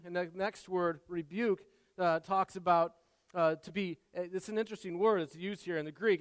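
A man, a father, preaching a sermon in an earnest way, repeating words and moving between soft asides and loud emphasis. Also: high-pitched, no room sound, in a large hall. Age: adult father. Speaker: pastor.

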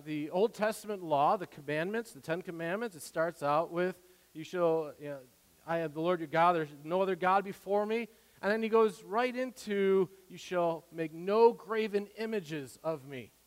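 A man preaching a sermon, excitable, swinging from loud declarations to quiet asides. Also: high-pitched. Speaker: pastor. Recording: long hall reverb.

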